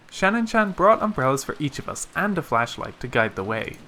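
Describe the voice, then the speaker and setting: Bright-voiced man reading a story aloud. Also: a little high, brisk, few pauses, a little hiss or hum. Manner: steady storytelling narration. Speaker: let's play narrator. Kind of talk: reading a visual novel aloud.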